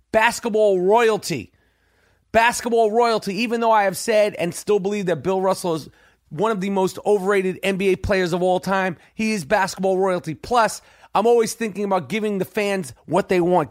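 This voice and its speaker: A man with a high voice hosts his podcast and tells a rambling story full of swearing. He acts out the other people in it with big swings in pitch. The recording is dry, with almost no room sound. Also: no room sound. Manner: animated, profane, swings pitch acting out quotes. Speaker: podcast host. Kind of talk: profane storytelling monologue.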